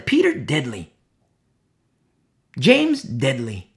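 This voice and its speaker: Preacher, sermon, lively swooping delivery, gravelly edge, emphatic repeats. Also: medium pitch, normal speed. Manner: animated, emphatic repetitions; acts out quoted voices.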